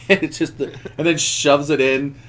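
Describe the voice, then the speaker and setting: A man's voice: on the high side, steady tone, measured pace, a bit bright, slight background noise. A young man chatting casually on a podcast, recapping a wrestling show with lots of restarts and laughter. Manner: rambling, many restarts, laughs while telling. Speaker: podcast co-host.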